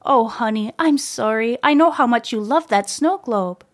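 A woman voicing a gentle, comforting mother in a storybook reading, in a soothing way. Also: on the high side, lively intonation, normal speed, close to an everyday voice.

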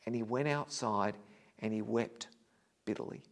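A man preaching a sermon as a vivid story, his voice swinging between loud and hushed. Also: lowish voice, a little slow.

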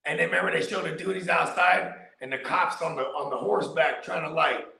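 A man chatting casually as a podcast co-host, telling stories with lively acted-out lines and frequent laughter. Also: on the high side, brisk, vocal fry, echoey room. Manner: animated storyteller, acts out other people's lines, laughing often. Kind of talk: casual chat.

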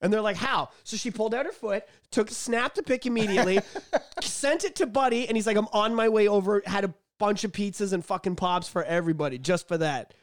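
A young man with a fairly high voice talks in loose podcast chat, swearing freely and teasing his co-host with bursts of laughter. The sound is dry and close, with no room around it. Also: expressive, brisk, dry recording. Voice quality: crude, laughing, loud teasing. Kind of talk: casual chat.

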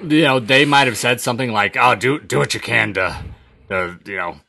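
A man co-hosting a wrestling podcast in casual chat, animated and swearing casually. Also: mid-range voice, normal speed, vocal fry, no echo, studio quality. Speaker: podcast co-host.

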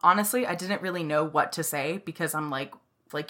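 A woman's voice: deep voice, brisk, fairly bright tone. A young woman co-hosting a podcast, telling a story in casual chat, laughing often and swearing freely. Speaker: podcast co-host.

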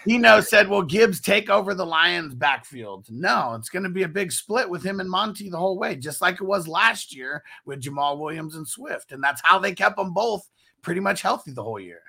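A man's voice: sits high, expressive, moderate pace, vocal fry, sharp tone, husky. A man hosting a fantasy football show, reading viewer comments aloud and laughing often. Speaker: podcast host.

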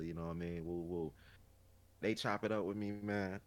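A man's voice: fairly low pitch, moderate pace, vocal fry, a little hiss or hum. A man with a Chicago accent co-hosting a podcast, telling stories in a loose, profane, slang-heavy way. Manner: animated, profane storytelling with slang. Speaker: podcast co-host. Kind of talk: casual chat.

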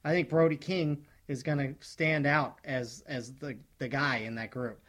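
A man with a mid-range voice co-hosting a podcast in relaxed, casual chat. He gives firm opinions and often restarts his sentences. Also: mid-range voice, a little slow. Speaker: podcast co-host.

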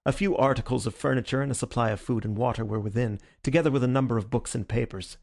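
A man narrating a detective story aloud in a measured, even reading, voicing the calm detective plainly. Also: mid-range voice, gravelly.

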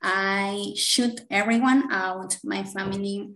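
A woman's voice: mid-range voice, fairly even intonation, takes it slowly, a bit bright. Emotional, rambling woman in an echoey room. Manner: emotional, rambling, laughs often. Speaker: podcast co-host. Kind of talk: casual chat.

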